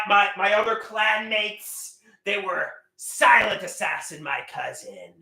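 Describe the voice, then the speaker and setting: A man hosting a live stream, rambling and singing improvised songs in a loud, crude, self-mocking way. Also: sits high. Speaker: livestream host. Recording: roomy echo.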